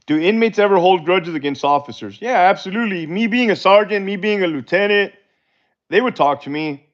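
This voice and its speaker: A man's voice: high voice, animated, normal speed, long pauses. Blunt, profane man on a lo-fi livestream. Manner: blunt, profane, laid-back storytelling. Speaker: livestream host, former corrections officer. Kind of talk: casual livestream chat answering viewer questions. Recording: dull lo-fi livestream audio.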